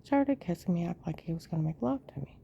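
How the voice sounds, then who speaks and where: A woman rambling through a personal story in a monologue, often dropping into a hushed whisper. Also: on the low side, animated, fast talker, creaky, a little hiss or hum. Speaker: storyteller recounting her own life.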